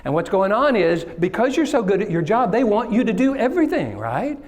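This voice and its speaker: This keynote speaker, from Kilgore, Texas, engages his conference audience by joking and posing questions. His voice sits high and sounds sing-song and darkish, moving a little fast.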